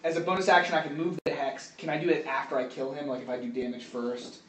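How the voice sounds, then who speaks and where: A man's voice: on the high side, steady tone, quick pace. A man playing a tabletop game, asking questions in a chatty way. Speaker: player. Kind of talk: casual tabletop banter. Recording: echoey room, mic far off, noisy.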